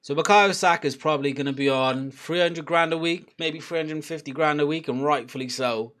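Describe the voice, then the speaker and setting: A man's voice: on the high side, a little fast, fairly bright tone. A young man giving a casual live reaction to a football match, chatty and laughing, swearing and urging on the players. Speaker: football watchalong streamer.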